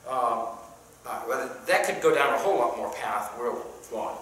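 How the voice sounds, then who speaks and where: A Sunday school teacher leading a Bible class in a church, talking conversationally with many pauses and questions to the class, and reading scripture aloud in King James wording. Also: medium pitch, animated, fairly bright tone. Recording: very echoey room, mic far off, faint background noise.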